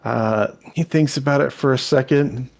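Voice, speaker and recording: A man's voice: medium pitch, moderate pace, creaky. A man narrating a tabletop game as game master, rambling with frequent restarts. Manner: rambling, many restarts and fillers.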